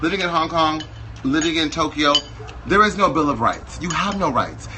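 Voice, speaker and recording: A man's voice: fairly high pitch, lively intonation, moderate pace, noisy background. A man in his thirties from Wisconsin, chatting as a guest in a flamboyant, campy, playfully exaggerated way. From Wisconsin, USA. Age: 30s. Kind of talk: casual chat.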